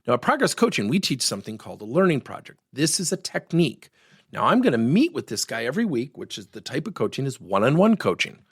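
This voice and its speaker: A middle-aged man, a workplace coach, teaching through an animated story and acting out the voices of the people in it. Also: mid-range voice, fast, breathy edge, no room sound, clean studio sound. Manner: animated, acts out the voices in his stories.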